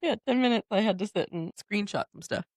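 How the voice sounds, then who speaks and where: A woman hosts a relaxed podcast conversation. She laughs easily and tells her stories with animated energy. The sound is dry and close, with no room echo. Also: medium pitch, fairly quick. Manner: giggly, animated storyteller. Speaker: podcast host. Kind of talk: casual chat.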